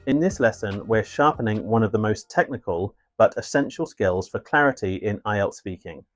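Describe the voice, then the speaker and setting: Low-voiced man giving a scripted lesson. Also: animated, soft background music. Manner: clear, measured, instructive delivery. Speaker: English teacher. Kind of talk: scripted teaching narration.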